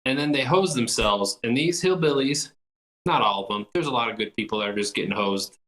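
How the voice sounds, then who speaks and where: A man's voice: mid-range voice, lively intonation, a little fast, a bit bright. A man co-hosting a casual podcast chat, blunt and opinionated, swearing freely. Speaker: podcast co-host.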